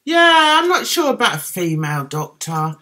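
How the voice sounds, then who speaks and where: A middle-aged woman from London, Cockney accent, hosts a casual livestream chat and answers comments from viewers. Her mid-range voice is pushed and bright, with big pitch swings at a moderate pace.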